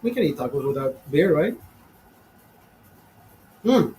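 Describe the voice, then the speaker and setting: A man's voice: fairly high pitch, big pitch swings, unhurried, mellow, a little hiss or hum, rough recording. Profane fifty-year-old man ranting. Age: 50s. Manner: profane, exasperated, rambling. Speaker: show host. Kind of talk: casual storytelling rant. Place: small studio.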